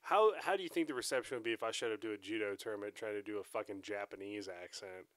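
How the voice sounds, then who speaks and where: A man's voice: lowish voice, fast talker, a bit bright, dry recording. Sarcastic man in dry close audio. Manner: blunt, sarcastic, profane. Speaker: podcast co-host. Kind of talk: casual chat.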